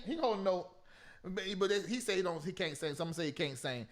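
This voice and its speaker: High, lively male talk-show host. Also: quick pace. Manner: animated, loud and mocking, with preacher-like mimicry. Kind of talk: casual commentary.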